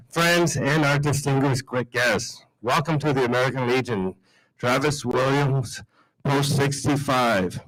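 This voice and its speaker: A man's voice: medium pitch, fairly bright tone, low-quality recording. Earnest man giving a formal speech. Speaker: guest speaker, veterans' group leader.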